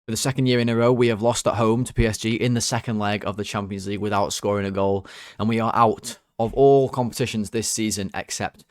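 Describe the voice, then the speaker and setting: A young man rants about his team's loss to camera, casual and exasperated. He swears freely and his pitch shoots up when he gets heated. The sound is dry and close. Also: fast, no room sound. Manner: exasperated, swears, jumps to high excited pitch when worked up. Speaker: host of a football fan channel. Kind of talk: casual ranting commentary.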